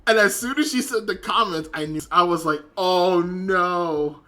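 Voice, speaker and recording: High bright guy rambling thru an anime recap, super bouncy pitch, cusses a lot. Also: brisk. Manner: rambling, animated, swearing, laughing. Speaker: anime reviewer. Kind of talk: casual episode review.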